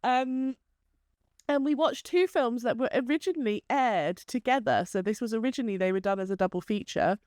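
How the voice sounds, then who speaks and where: A woman's voice: fairly high pitch, lively intonation, a little fast, a little mellow, no echo, clean studio sound. A woman co-hosting a casual chat, talking freely and laughing often. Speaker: podcast co-host.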